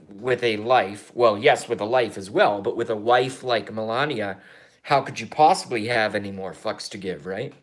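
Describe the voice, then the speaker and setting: A man in his thirties with a lowish voice talks at normal speed through a rambling political monologue for his YouTube vlog. He gets excitable and profane, veering between quiet mumbled asides and loud outbursts, and repeats himself.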